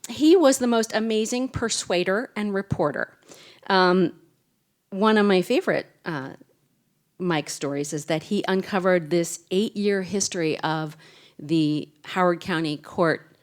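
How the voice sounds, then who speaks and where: Chatty woman speaking at a live reading. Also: on the low side. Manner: chatty, anecdotal, self-deprecating humor. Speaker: event speaker, former newspaper writer. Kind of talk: casual remarks at a live literary reading. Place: event room with a seated audience.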